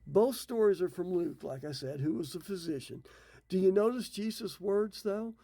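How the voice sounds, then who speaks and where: Middle-aged guy, folksy bible storytelling, gravelly voice, sits a bit high. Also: expressive, normal speed, dark tone. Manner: folksy, retells scripture in his own words. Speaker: Bible teacher.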